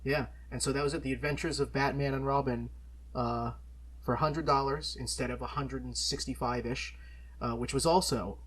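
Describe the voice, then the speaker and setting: A young man co-hosting a podcast, telling an anecdote with animated energy, laughing often and swearing casually. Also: medium pitch, moderate pace, husky. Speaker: podcast co-host.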